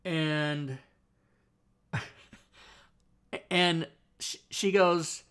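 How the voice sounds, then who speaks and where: A fairly high-voiced man hosts a casual livestream and tells a story with lots of energy. He laughs often, swears freely and keeps the story moving. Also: drawn-out words, clear, resonant tone. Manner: animated, profane, laughing storyteller. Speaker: host.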